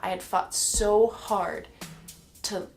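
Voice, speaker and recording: A woman's voice: medium pitch, takes it slowly, gravelly, soft background music. A woman giving a personal faith testimony to the camera, talking earnestly and emotionally straight to her viewers.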